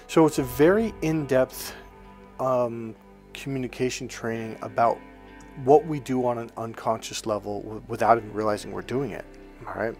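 A man's voice: mid-range voice, moderate pace, darkish tone, faint music behind. Chatty male spiritual coach. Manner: conversational, checks in with "okay?"; rambling anecdotal storytelling. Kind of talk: casual teaching monologue.

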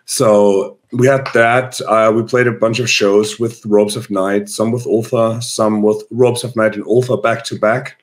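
Hoarse man, low voice. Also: little pitch movement, unhurried, hardly any pauses. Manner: rambling, many fillers and restarts. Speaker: guest musician. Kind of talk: casual interview chat.

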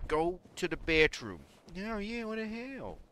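A man voicing an exasperated woman who scolds someone, in a squeaky, repetitive way. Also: sing-song, unhurried, fairly bright tone, clear, resonant tone, heavily acted.

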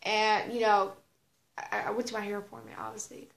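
A woman's voice: mid-range voice, little pitch movement, fairly quick, vocal fry. A teenage girl telling a casual storytime, rambling with lots of fillers, slang and swearing. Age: teens. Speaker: vlogger. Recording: roomy echo.

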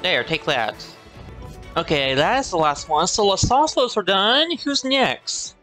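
Animated man grumbling through gameplay. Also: high voice, measured pace, faint music behind. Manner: animated, playfully complaining. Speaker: let's play gamer. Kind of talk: casual gameplay commentary.

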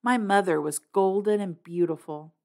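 A woman's voice: medium pitch, normal speed, creaky, darkish tone. A woman reading a novel aloud, narrating expressively in the first person. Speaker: reader.

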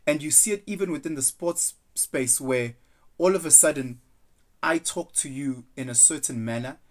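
A man's voice: fairly high pitch, normal speed. Earnest man musing aloud. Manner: earnest, loose and rambling, acts out quoted voices. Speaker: vlogger. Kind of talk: casual reflective monologue.

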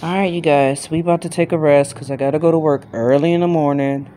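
A woman's voice: steady tone, fast, mellow, slight background noise. Rambling woman vlogging from bed at night. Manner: talks to her pet in a high baby voice; rambling, self-interrupting chatter. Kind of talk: casual late-night vlog.

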